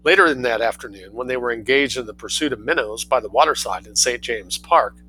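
A man reading a story aloud in a relaxed, lively way, doing voices for the characters. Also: medium pitch, a little fast, slight background noise, low-quality recording.

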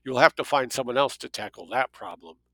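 A man voicing a guarded male scientist who answers in low, terse lines. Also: fast talker, sharp tone, no echo.

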